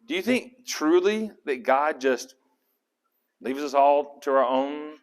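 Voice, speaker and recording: A man's voice: fairly high pitch, slow pace. A man leading a casual Bible study, talking through the passage and asking his group questions. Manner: animated, acts out characters' lines; conversational, asks the group questions.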